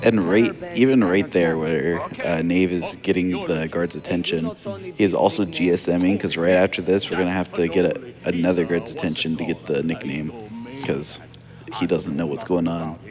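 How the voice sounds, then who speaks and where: A man's voice: sits low, steady tone, normal speed, over music. A man commentating a speedrun, adding short, informative route notes. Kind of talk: casual commentary.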